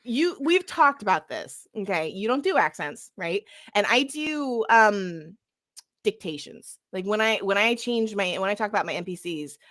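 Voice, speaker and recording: A woman's voice: mid-range voice, big pitch swings, moderate pace, fairly bright tone. A young woman chatting animatedly as a podcast co-host and game master, laughing often. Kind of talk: casual chat.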